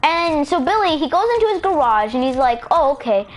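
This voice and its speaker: A woman's voice: high voice, lively intonation, fairly quick, heavy background noise. A young woman rambling through a story with many fillers and restarts in casual game voice chat on a headset. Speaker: player in team voice chat.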